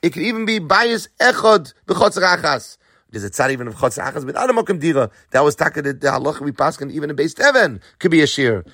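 A man's voice: fairly high pitch, big pitch swings, quick pace, a bit bright, no echo, clean studio sound. A man teaching a Talmud lesson, reading Aramaic phrases and then explaining them in English, posing questions and answering them himself.

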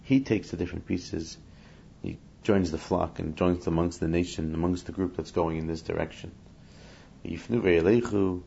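A man's voice: sits low, fairly even intonation, normal speed, vocal fry, mellow, breathy edge, muffled recording. A man teaching a scripture lesson, reading Hebrew verses and explaining each one in English while acting out the speakers in the text. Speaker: Torah teacher.

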